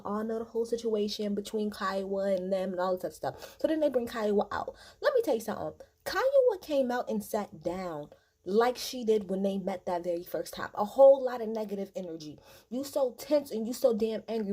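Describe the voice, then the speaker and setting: Woman host, blunt lively recap delivery, husky, slightly high. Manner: animated, blunt, swears freely, acts out quotes. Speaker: reaction video host. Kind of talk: casual reaction recap.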